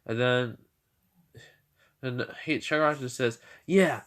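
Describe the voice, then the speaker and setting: A man's voice: medium pitch, unhurried, fairly bright tone. A young man casually retelling a fan story in a rambling way, with many restarts and laughs.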